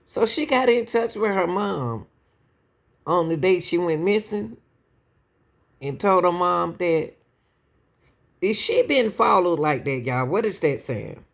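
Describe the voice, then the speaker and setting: Lady host doing true crime commentary, kinda gravelly, keeps asking y'all what they think. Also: on the low side, animated, slow, long pauses. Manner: keeps addressing the audience as y'all, asks rhetorical questions. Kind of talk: emotional casual commentary to viewers.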